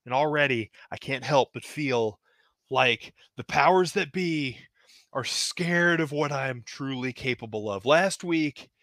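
A man voicing an impression of a frustrated male wrestler complaining on the microphone that he is always held down, self-pitying with loud outbursts. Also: a little high, no room sound.

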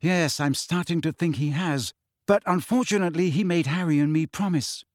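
A clever, earnest teenage schoolgirl, as a male reader puts her on, speaking briskly and firmly in a raised, lighter register. The sound is dry and close, with no room around it. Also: on the high side, dry recording, voice pushed up, close to an everyday voice. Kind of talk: audiobook reading.

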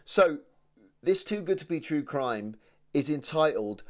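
A British-accented man from England co-hosts a chatty podcast, calling people "mate" over and over in his matey style. His voice is fairly high with lively intonation, and he talks a little slowly.

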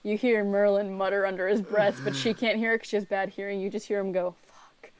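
A woman's voice: mid-range voice, flat delivery, quick pace. A woman acting as game master, narrating a tabletop game with playful, laughing asides.

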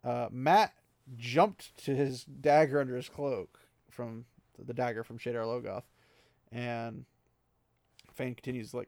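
A man's voice: medium pitch, fairly even intonation, measured pace, vocal fry, a little mellow, no echo. A man casually retelling a fantasy novel chapter for a podcast, chatty with lots of asides. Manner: chatty, lots of 'he's like' asides, laughs at the text. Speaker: book recap podcaster.

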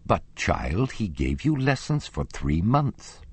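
A man's voice: fairly low pitch, very animated, slow pace, breathy edge, no room sound, voice pushed up, full character voice. A man voicing an anxious, simple old widow in an audiobook. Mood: fond.

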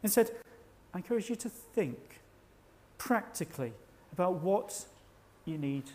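A man preaching a sermon at a church service, measured and reflective, slowing down to stress key words. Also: sits high, expressive, darkish tone. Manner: measured, reflective, slows for emphasis.

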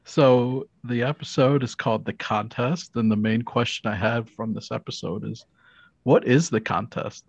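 A man's voice: medium pitch, fairly even intonation, moderate pace, breathy edge, dry recording, highs cut off. A man co-hosting a casual talk show, asking questions in a joking, mock-naive way. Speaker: podcast co-host. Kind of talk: casual chat.

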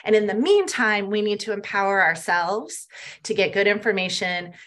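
A woman's voice: mid-range voice, moderate pace, a bit bright. A middle-aged woman, a health coach, speaking earnestly and emphatically as a podcast guest and often adding "right?". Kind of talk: podcast interview.

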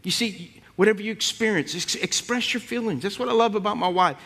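A man's voice: high voice, brisk, fairly bright tone. A man preaching a sermon in a punchy style, with rhyming lines and call-outs to the congregation. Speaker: pastor.

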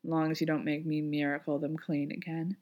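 A woman's voice: mid-range voice, lively intonation, unhurried, highs cut off. A woman voicing a laid-back male demon gardener who talks in an offhand, muttering way. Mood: teasing.

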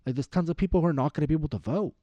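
This young podcast co-host speaks very fast in a higher voice with a dark tone, rambling about politics, cursing a lot, and lurching into loud mocking voices. The recording is dry and muffled.

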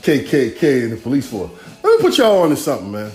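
A man's voice: medium pitch, huge pitch swings, fast talker, darkish tone, roomy sound, soft background music. A man in his forties hosting a podcast, rambling through a profane, streetwise solo monologue. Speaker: podcast host.

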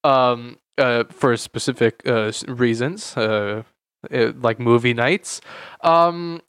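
A man's voice: medium pitch, slow pace, a bit bright, smooth, no echo, clean studio sound. A young man in his late teens, co-hosting a casual chat podcast, rambling with lots of fillers and repeated words. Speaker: podcast co-host.

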